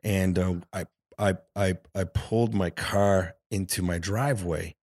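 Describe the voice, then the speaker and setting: Profane man telling animated stories. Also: sits low, a little slow, no echo, studio quality. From Detroit area. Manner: animated, profane, acts out voices in his stories. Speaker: podcast guest, comedian. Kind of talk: casual storytelling in conversation.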